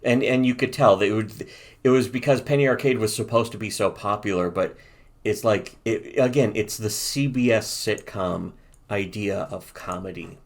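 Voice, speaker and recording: A man's voice: on the low side, normal speed. A man co-hosting a casual comedy commentary show, rambling and profane, laughing as he reads comic lines aloud. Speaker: co-host.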